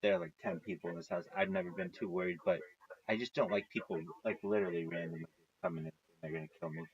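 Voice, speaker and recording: A man's voice: low voice, quick pace. A man telling a rambling story on a casual livestream, swearing often and acting out what others said. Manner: rambling, swearing, quotes others in lively voices. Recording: dull lo-fi stream audio.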